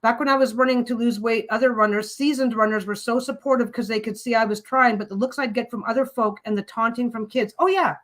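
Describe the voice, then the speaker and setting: On a poor-quality recording, a woman with a fairly high voice talks quickly with hardly any pauses. She hosts a casual livestream as she sews, ranting bluntly and swearing without restraint.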